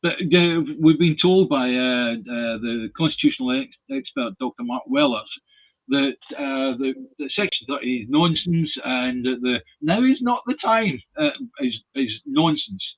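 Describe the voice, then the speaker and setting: A man's voice: medium pitch, big pitch swings, a little slow, creaky. A man hosting a casual political discussion. He speaks hesitantly, with many restarts. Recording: tinny phone-like line.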